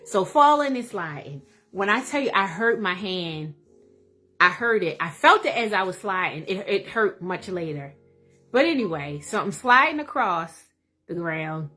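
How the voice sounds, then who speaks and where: A woman hosting a livestream, telling a funny personal story in a casual, animated way. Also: medium pitch, a little slow, soft background music. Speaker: livestream host.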